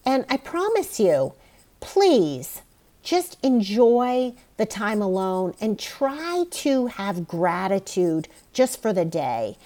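A woman hosts an advice podcast in a reassuring, direct voice. Her pitch sits in the middle of the range for women. She talks straight to the listener. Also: very animated, slow, warm tone. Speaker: podcast host.

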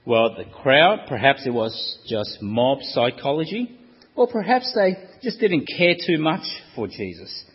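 A man preaching a sermon, telling the story dramatically and acting out the crowd's shouts. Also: medium pitch, big pitch swings, measured pace, slightly rough, big-room sound, muffled recording.

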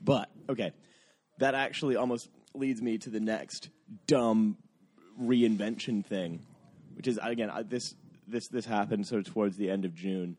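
A man with a mellow, dark-toned voice chats loosely on a comedy podcast. He rambles through his stories, full of filler words. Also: fairly low pitch, fairly even intonation, moderate pace. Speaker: podcast host. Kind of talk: casual comedic chat.

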